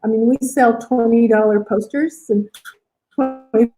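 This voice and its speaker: A woman's voice: on the high side, steady tone, measured pace, dark tone, soft background music, rough recording. A woman artist speaking as a guest on a video call, thoughtful and wry. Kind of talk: casual video call interview.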